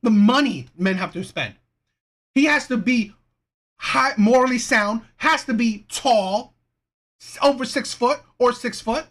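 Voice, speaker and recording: A woman's voice: fairly high pitch, a little slow. A woman host giving an indignant, emphatic reaction commentary on a clip.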